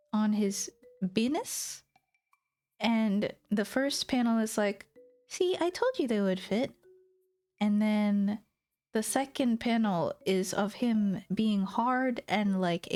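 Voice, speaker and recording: A young woman talks casually on a stream, rambling, swearing and breaking into giggles. Her voice sits a bit high and her delivery is slow and drawn-out. Faint music plays underneath. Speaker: VTuber streamer.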